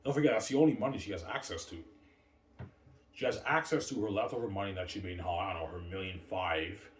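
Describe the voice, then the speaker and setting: A man's voice: low-pitched, fast talker, slight background noise. A middle-aged man talking in a rambling, repetitive monologue, circling back to the same points and tossing in "man" often. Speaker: vlogger. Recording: roomy echo from a distant mic.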